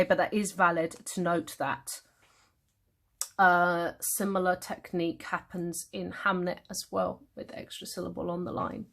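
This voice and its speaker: A woman with a British accent teaching a revision lesson. She thinks aloud, corrects herself and reads verse lines slowly. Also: on the low side. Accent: British English. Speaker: English literature tutor. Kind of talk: revision lesson, annotating a text.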